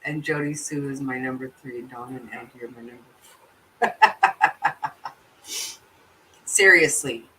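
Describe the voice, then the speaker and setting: A woman's voice: rumbling low, takes it slowly, pauses often, sharp tone, distant mic, a little hiss or hum, low-quality recording. A woman hosting a live stream, chatting casually with her viewers in a blunt, profane way and laughing easily. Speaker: livestream host. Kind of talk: casual chat reacting to viewer comments.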